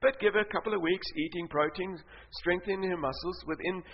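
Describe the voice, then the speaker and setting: High-voiced preacher in an echoing hall. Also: male voice, fairly quick, a little hiss or hum. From Africa. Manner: animated, swings between loud bursts and hushed asides. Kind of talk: sermon with storytelling. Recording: reverberant hall, slightly muffled sound.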